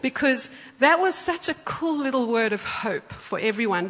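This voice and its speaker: Animated woman preaching in a church. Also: a little high, normal speed, few pauses, slight background noise. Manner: animated storyteller, acts out quotes. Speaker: guest preacher. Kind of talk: sermon with storytelling. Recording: church hall with long reverb.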